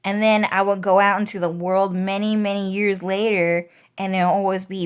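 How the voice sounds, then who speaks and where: A woman's voice: medium pitch, little pitch movement, moderate pace, few pauses, clear, resonant tone. A woman talking in a rambling, repetitive monologue, casual and peppered with swearing. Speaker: vlogger.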